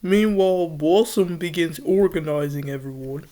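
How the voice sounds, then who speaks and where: A woman who hosts a show, reading a fan story aloud and breaking off into laughing, excitable asides. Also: low voice, normal speed. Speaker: host.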